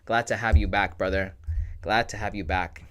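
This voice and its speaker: A man's voice: on the low side, steady tone, moderate pace. Man, livestream host, casual and slangy, joking, reads chat aloud.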